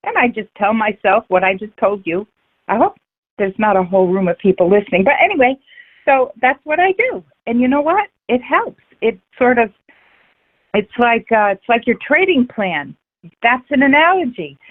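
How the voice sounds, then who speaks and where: A woman's voice: on the high side, very animated, moderate pace. A woman trader being interviewed, talking frankly and passionately about her life and trading, swearing freely and restarting her sentences often. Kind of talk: candid personal interview. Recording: tinny phone-like line.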